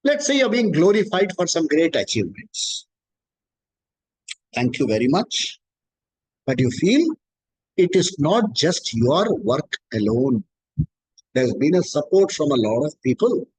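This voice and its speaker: A man's voice: fairly high pitch, sing-song, a little slow, pauses often, a little mellow, breathy edge, low-quality recording. A man gives a scripture discourse as a spiritual teacher, explaining patiently and repeating key points.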